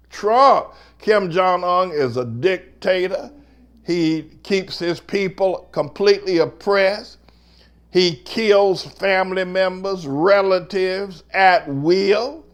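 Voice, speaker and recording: High-voiced emphatic male pastor. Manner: emphatic, repetitive, swings from loud to low and scornful. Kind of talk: sermon.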